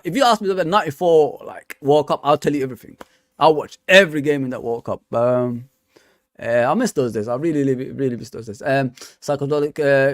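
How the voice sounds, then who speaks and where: A fired-up man talks on a fan channel stream. His voice sits fairly high for a man and sounds close and dry, with no room around it. He rants, circles back to the same point and punctuates everything with "man". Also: dry recording. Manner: ranting, repeats "man" and "come on". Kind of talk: casual live-stream football talk.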